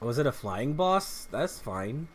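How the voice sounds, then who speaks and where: A man's voice: medium pitch, very animated, takes it slowly. A man giving casual commentary while playing a video game, rambling loosely with restarts and muttered asides about what he is playing. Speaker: let's play commentator.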